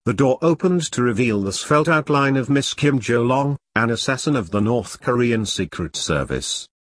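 A man narrating a story in a lively, expressive reading. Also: medium pitch, normal speed, no echo, studio quality.

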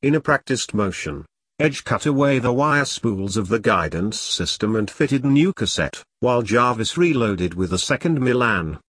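A man narrates an audiobook in a steady, measured way. His voice sits at a middle pitch. The recording is dry and close, with no room sound. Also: husky, dry recording.

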